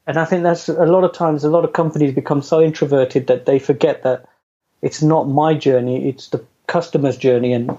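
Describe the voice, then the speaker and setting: Middle-aged guy chatting about his career, laughs a lot, kinda high but mellow voice. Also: steady tone, brisk. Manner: chatty, self-deprecating, laughs often. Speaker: interview guest. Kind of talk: casual storytelling. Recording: dull lo-fi audio.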